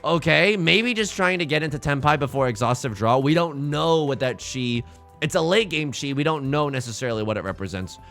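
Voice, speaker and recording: A young man giving casual gameplay commentary as a let's play host, swinging between fretting mutters and excited outbursts. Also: a little high, fairly quick, vocal fry, soft background music.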